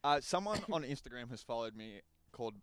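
A man's voice: mid-range voice, animated, a little fast, a bit bright, clear, resonant tone, no room sound. A man co-hosting a casual podcast chat, laid-back and often laughing. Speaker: podcast co-host.

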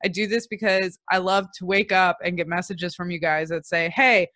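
A young woman speaks on her own podcast in a candid, emphatic way, swearing freely. Her voice sits a little low for a woman. The sound is close and dry, with no room echo. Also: steady tone, moderate pace, pushed and bright. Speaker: podcast host and coach. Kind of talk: casual solo podcast talk. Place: at home.

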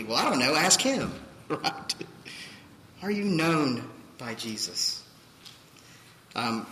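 Bright-voiced preacher in a reverberant hall. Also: male voice, mid-range voice, a little hiss or hum. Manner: emphatic, rhetorical questions, acts out quoted voices. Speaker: pastor. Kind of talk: sermon.

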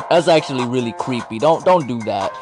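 A man hosting a wrestling podcast, talking in a playful, slangy, self-mocking way. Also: mid-range voice. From Latino. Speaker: podcast host. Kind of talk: casual wrestling podcast commentary.

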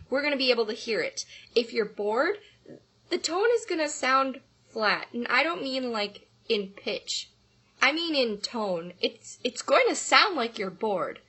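A woman's voice: a little high, pushed and bright, breathy edge. A woman voice teacher giving an upbeat, enthusiastic podcast lesson on singing.

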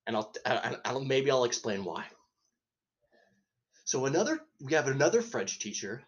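A man's voice: mid-range voice, big pitch swings, moderate pace, muffled recording. A man hosting a podcast, telling a comedic story in a rambling, profane way, often interrupting himself and laughing at his own tale. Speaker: podcast host.

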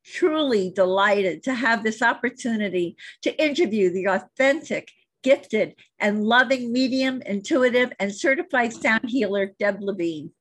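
A woman hosting a podcast, reading a scripted introduction and asking interview questions in an earnest, measured way. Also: fairly high pitch, expressive. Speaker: podcast host.

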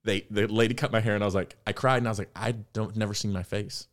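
Candid man, lowish voice, retelling his story. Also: quick pace. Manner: candid, reflective, animated when quoting himself. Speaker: actor and podcast guest. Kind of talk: conversational interview storytelling.

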